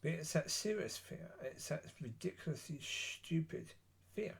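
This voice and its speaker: A man giving a blunt, opinionated solo monologue, rambling with pauses. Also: a little high, lively intonation, gravelly, slightly rough. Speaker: political commentator.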